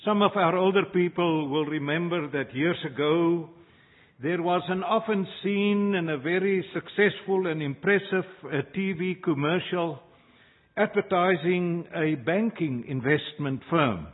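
A man preaching a sermon as pastor, slow and measured, with dramatic pauses between phrases. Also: on the high side. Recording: tinny phone-like sound.

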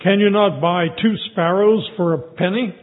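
High-pitched guy preaching, sounds like it's over a phone line. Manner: measured storytelling delivery. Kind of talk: sermon with scripture reading and storytelling.

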